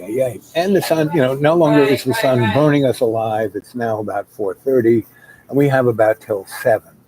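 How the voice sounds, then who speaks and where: Male storyteller, mid pitch, relaxed warm tone, casual rambling delivery. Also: a little hiss or hum, poor audio. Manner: rambling, many fillers and restarts.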